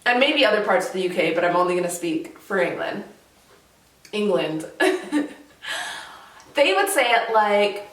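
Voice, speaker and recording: A woman from Canada chatting casually to camera as a vlogger, animated and laughing often. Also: medium pitch, measured pace, pauses often, recorded from a distance. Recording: roomy echo, slightly off mic.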